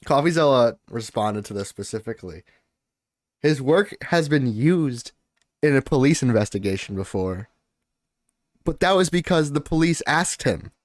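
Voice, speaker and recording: A man's voice: mid-range voice, expressive, moderate pace. A young man, a streamer, telling stories and reacting to clips in casual commentary, swearing often and laughing as he goes. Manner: profane, laughing storyteller. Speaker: streamer host.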